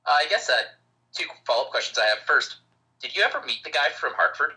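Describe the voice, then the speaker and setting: A young man co-hosting a podcast, asking long questions with pauses and fillers. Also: fairly high pitch, lively intonation, sharp tone, recorded from a distance, rough recording. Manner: halting, thinks aloud with fillers. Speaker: podcast co-host. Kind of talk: interview questions.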